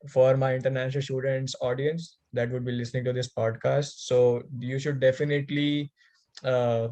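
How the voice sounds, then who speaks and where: A man's voice: mid-range voice, darkish tone. Podcast guest, young man, Indian accent, earnest and encouraging, casual talk. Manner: earnest, encouraging advice-giving.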